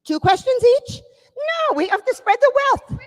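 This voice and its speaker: A woman's voice: very high-pitched, moderate pace, big-room sound. A woman presenting a live workshop, energetically coaching participants through role-play. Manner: energetic, encouraging, coaxing.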